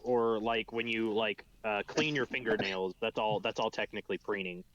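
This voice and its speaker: A man's voice: lowish voice, fairly even intonation, moderate pace, a bit bright. A man playing a tabletop game who often stops and restarts his sentences. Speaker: player. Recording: dull lo-fi mic.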